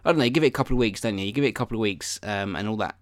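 A man with a lowish voice rambles through a solo podcast monologue. He wanders off-topic and pokes fun at himself. The sound is close and completely dry. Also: rapid-fire, no room sound. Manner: meandering, self-deprecating, swears casually. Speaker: podcast host.

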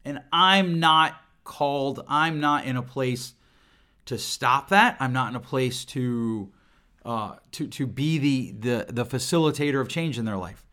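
Speaking into a desk mic at his home computer, a middle-aged podcast host talks on his own, earnest and reflective. His medium-pitched voice is bright and forceful, and he frequently restarts and repeats words.

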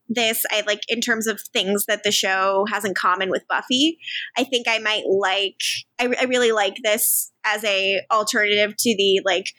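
A woman's voice: medium pitch, bright, forceful tone, dry recording. A woman co-hosting a podcast, recapping a show in casual chat, joking at her own expense and openly sentimental. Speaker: podcast co-host.

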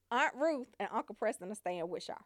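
Here a woman whose voice sits a little high spins a funny story about her family, relaxed and lively, breaking into laughter and imitating family members as she goes. There's no room sound, just a clean studio recording.

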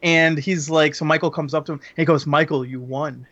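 A man's voice: fairly high pitch, level tone, fast talker, a bit bright, highs cut off. A man chatting casually and crudely about a horror film, laughing often as he rambles through the plot.

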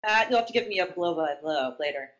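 A woman's voice: on the low side, lively intonation, quick pace. A woman co-hosting a casual podcast chat, who talks playfully and eggs the guest on. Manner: playful, egging on.

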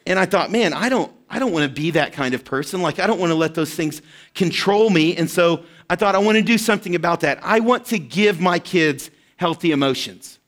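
A man with a notably high speaking voice delivers a sermon in a relaxed, conversational manner. He tells personal stories and keeps checking in with his listeners. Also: fairly quick. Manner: conversational, personal storytelling with frequent "right?" asides. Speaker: pastor.

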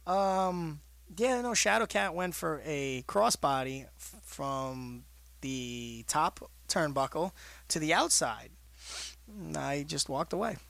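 A man's voice: a little high, takes it slowly, gravelly, no room sound. A man co-hosting a casual wrestling chat, telling stories with lots of laughter and acted-out voices. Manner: animated storyteller, laughs often, acts out voices. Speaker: wrestling podcast co-host.

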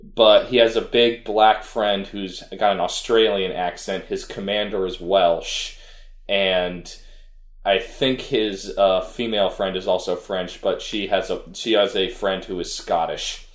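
A man's voice: low-pitched, steady tone, unhurried, roomy sound. A man co-hosting a podcast, chatting casually about an anime he tried to watch, rambling and restarting his sentences. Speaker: podcast co-host. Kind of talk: casual chat reviewing an anime.

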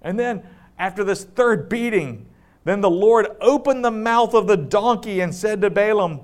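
A man with a high voice preaches a sermon in a loose, conversational way. He tells the story with joking asides and easy laughter, then drops low and slow for the scripture readings.

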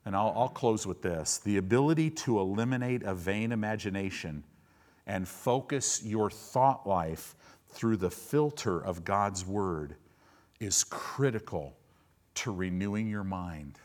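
Male pastor, earnest sermon delivery, quiet to fervent. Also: fairly low pitch, animated, unhurried. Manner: earnest, building from quiet intimacy to loud fervor.

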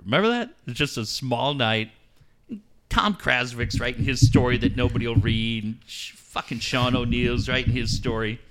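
A man hosting a radio talk show, telling lively anecdotes with laughter and quick impressions of other people. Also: medium pitch. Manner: animated, laughing, acts out voices in anecdotes. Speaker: radio host. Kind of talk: casual storytelling chat.

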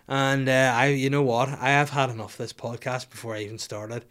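A man's voice: medium pitch, fairly even intonation, brisk, hardly any pauses, a bit bright. Profane, rambling man. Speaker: podcast host. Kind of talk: casual solo podcast answering listener questions.

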